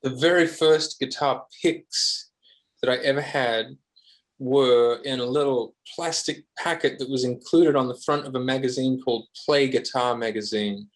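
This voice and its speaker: An Australian man speaks as a podcast guest in a mid-range voice, easygoing and a little self-deprecating. He wanders through his answers with fillers and false starts, in a relaxed conversational tone. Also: mid-range voice, normal speed. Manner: rambling, self-deprecating, frequent fillers and restarts. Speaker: guest guitarist. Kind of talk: casual podcast interview.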